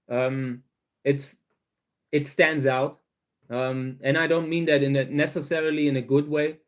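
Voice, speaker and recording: German-accented man, rambling chat. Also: a little high. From Saarland, Germany. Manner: rambling, with many fillers and restarts. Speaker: cactus grower and channel host. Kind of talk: casual talk to camera.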